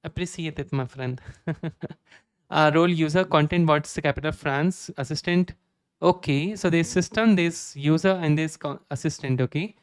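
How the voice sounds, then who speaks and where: A young man with an Indian accent streaming live code, reading documentation aloud and thinking out loud with many "okay"s. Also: fairly high pitch, normal speed, clear, resonant tone, no echo. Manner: reads docs aloud, frequent "okay" fillers.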